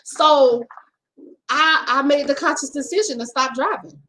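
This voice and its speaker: A woman's voice: high voice, a little slow, bright, forceful tone, poor audio. A middle-aged woman telling a personal story in a casual, earnest way, often repeating herself and speaking straight to her viewers. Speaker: vlogger. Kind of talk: casual storytime while doing makeup.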